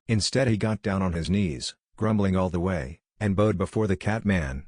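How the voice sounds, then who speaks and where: A man narrating a fan fiction story in a flat, even reading voice. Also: deep voice, moderate pace, few pauses, no echo, studio quality.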